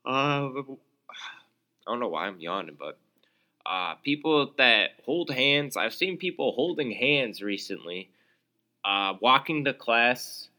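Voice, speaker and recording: Bright-toned young man ranting sarcastically. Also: mid-range voice, lively intonation, slow pace. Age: young adult. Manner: exasperated, sarcastic ranting with many fillers. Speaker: podcast host. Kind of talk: solo ranting podcast.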